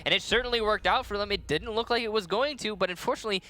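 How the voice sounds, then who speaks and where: A man's voice: high-pitched, rapid-fire, bright, forceful tone. A man casting a competitive shooter match, breaking down plays in a chatty, analytical way. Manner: analytical, chatty, laughs easily. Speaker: esports caster. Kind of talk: play-by-play commentary.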